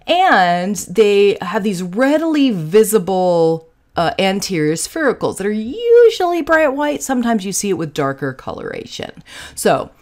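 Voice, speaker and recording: A woman's voice: mid-range voice, a little mellow. A woman with a Southern US accent giving a casual, joking science lecture with frequent fillers. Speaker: lecturer in forensic entomology. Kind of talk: recorded lecture with slides.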